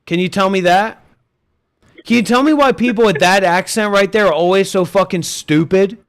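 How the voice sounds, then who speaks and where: Male voice chat host, slightly high, crude and abrasive. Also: normal speed, clear, resonant tone. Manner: crude, swearing, insulting. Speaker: host of an online voice chat stage. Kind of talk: casual chat. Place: online voice chat.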